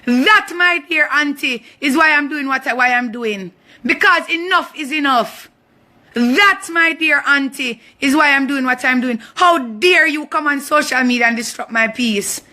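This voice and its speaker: A woman in her thirties with a Jamaican accent, her voice high and sharp as she delivers an impassioned rant. She sounds fierce and indignant, emotional and close to tears, hammering points home by repeating them. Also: measured pace. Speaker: abuse survivor speaking out. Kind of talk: impassioned social media rant.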